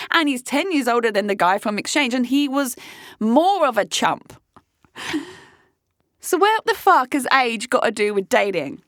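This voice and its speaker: A woman's voice: fairly high pitch, sing-song, a little slow, a bit bright, no echo, clean studio sound. A woman in her late thirties telling a dating story as a vlogger, blunt and swearing often. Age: 30s. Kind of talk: casual storytelling monologue.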